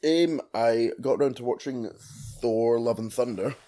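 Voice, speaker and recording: A man's voice: medium pitch, unhurried, warm tone. A man co-hosting a podcast, giving blunt opinions with casual swearing. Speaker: podcast co-host. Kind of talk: casual film chat.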